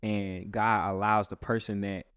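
A man's voice: lowish voice, little pitch movement, a little slow, fairly bright tone, smooth, no echo, dull audio. A man, a pastor hosting a casual chat, who talks in a rambling way with many restarts. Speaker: pastor and host.

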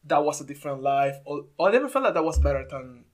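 A man's voice: on the high side, sing-song, quick pace, a crowd in the background. Reflective man from Venezuela. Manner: reflective, searching for words with many fillers. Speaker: conversation partner. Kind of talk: casual chat.

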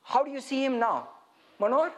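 Animated preacher quizzing his listeners. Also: very high voice, moderate pace. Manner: animated, questioning the listeners directly. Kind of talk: interactive sermon teaching.

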